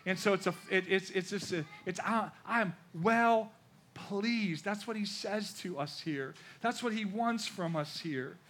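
A man in his fifties preaching a lively, joking sermon with call-and-response. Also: high voice, normal speed, few pauses. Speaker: pastor.

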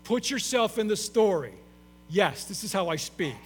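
Middle-aged male pastor, high animated delivery, emphatic sermon, reverberant hall. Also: moderate pace, soft background music. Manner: emphatic, repeats key phrases, addresses the congregation as church. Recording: long hall reverb with faint mains hum.

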